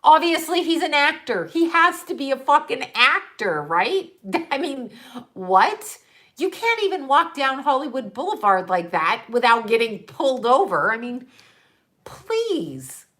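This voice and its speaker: A woman's voice: high voice, very animated, measured pace, pushed and bright. Exasperated woman ranting to her viewers. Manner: exasperated, profane, laughing in disbelief; trailing off and restarting, rhetorical questions. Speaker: livestream host talking to viewers. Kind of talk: rambling casual monologue.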